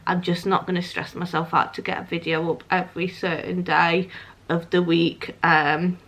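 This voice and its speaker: A woman's voice: lowish voice, little pitch movement, moderate pace, fairly bright tone. A young woman telling a personal story to camera in a casual, chatty way, with many "um"s and "like"s. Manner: chatty, lots of "um" and "like". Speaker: vlogger.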